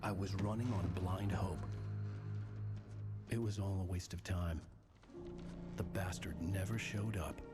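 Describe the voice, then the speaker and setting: A man's voice: sits low, steady tone, a little slow, long pauses. An actor playing a grim male writer hunting for his wife, narrating in a weary, brooding video game voice. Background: loud game music.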